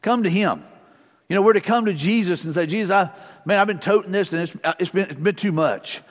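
A man's voice: high-pitched, brisk. A middle-aged male pastor preaching a sermon in a church, casual and conversational, mixing family stories with repeated short prayers. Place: church sanctuary. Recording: long church-hall reverb.

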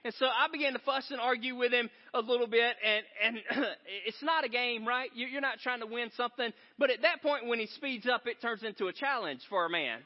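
A man's voice: extremely high pitch, a little fast, few pauses. A man preaching a sermon in a large church, telling stories in a conversational, joking way. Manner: conversational storytelling, animated and joking. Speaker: pastor. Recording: reverberant hall, dull sound.

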